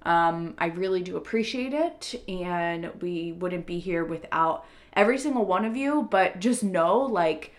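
A soft-spoken woman co-hosting a podcast in casual chat, bubbly and chatty, recorded at a home desk on one shared mic. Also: on the low side, expressive, unhurried. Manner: bubbly and chatty, laughs easily. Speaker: podcast co-host. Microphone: single shared desk mic.

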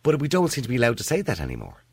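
A man's voice: mid-range voice, wildly swooping pitch, racing, husky, dry recording. A middle-aged Irish man hosting a phone-in radio show, chatting casually and laughing easily with his co-host and callers.

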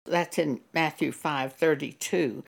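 A woman giving a Christian testimony in a measured, earnest way, often quoting scripture. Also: low voice, gravelly. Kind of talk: slow spoken testimony with scripture.

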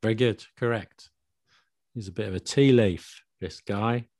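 Male host, lowish voice, easy explanatory chat, dry close recording. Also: unhurried, a little mellow, dry recording. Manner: explains slang patiently, friendly quizzing. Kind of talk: casual chat.

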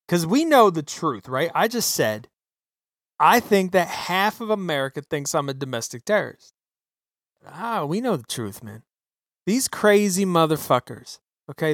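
A male podcast host on a profane political rant, his pitch swinging widely as he hammers his points home. He sounds close and dry on his microphone, with no room sound. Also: measured pace, no echo. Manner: swearing, ranting, animated and emphatic.

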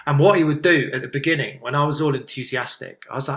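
Man, comedian, bright tense voice, rambling casual chat, lots of restarts. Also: medium pitch, fast, few pauses. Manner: rambling, frequent restarts and "do you know what I mean".

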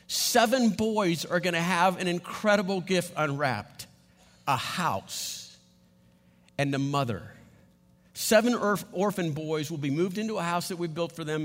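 Male pastor, high voice, chatty animated sermon, recorded with long hall reverb. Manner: animated, conversational, with laughs and restarts. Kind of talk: sermon storytelling.

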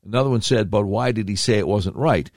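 Low-voiced sarcastic podcast host, man. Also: fairly quick, a little mellow, dry recording, clean studio sound. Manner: sarcastic, rambling, slangy. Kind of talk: opinionated podcast commentary.

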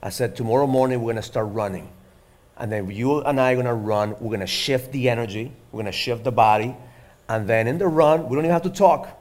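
A middle-aged man talking earnestly about being a father, quick and wordy, full of "you know" and "like". His voice sits at an ordinary pitch and he moves along at a brisk clip. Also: darkish tone. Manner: earnest, rambling with many fillers. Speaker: father and podcast host. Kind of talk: casual conversation.

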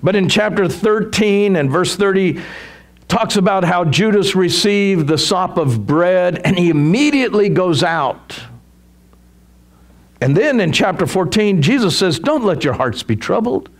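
A man's voice: high-pitched, lively intonation, unhurried. A male pastor preaching a sermon in a conversational way, often chuckling as he explains scripture.

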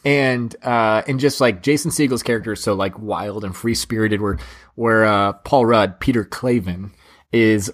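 A man's voice: lowish voice, moderate pace. A man hosting a casual chat about films, enthusiastic and full of filler words. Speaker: podcast host.

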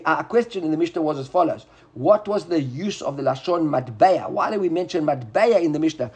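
Gravelly, husky man teaching Talmud. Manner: animated, often rising high to act out buyer and seller. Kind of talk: Talmud class lecture.

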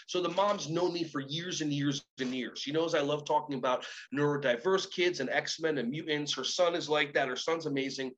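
High-voiced man telling animated stories. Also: low-quality recording. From Israel. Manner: energetic, acts out both sides of conversations. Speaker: motivational speaker and coach. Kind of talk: animated storytelling talk.

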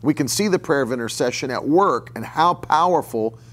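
A man's voice: medium pitch, expressive, normal speed, a bit bright. A man preaching a sermon as pastor, talking in a loose, conversational way and often repeating and restarting words. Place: church.

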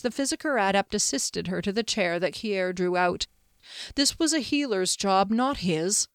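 Female author-narrator, fantasy audiobook, mid-pitched voice, dry booth sound. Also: clean tone, no room sound. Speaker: author reading her own novel.

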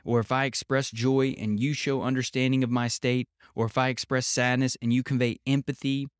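A man talks through ideas in a calm, measured podcast style. His voice sits at an ordinary middle pitch, recorded dry and close with no room sound around it. He speaks from home, steady and reflective. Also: smooth, no echo. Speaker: podcast host. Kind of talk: explanatory podcast talk.

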